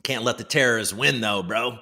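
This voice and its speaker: A man's voice: mid-range voice, a little fast, pushed and bright. A man hosting a livestream, reading news headlines aloud in a casual way with joking asides. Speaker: host.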